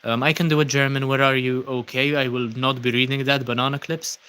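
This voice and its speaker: A young man from Malta runs an easygoing livestream, reading viewers' comments aloud with lots of ums and uhs and thanking them as he goes. His mid-range voice is smooth and fairly quick.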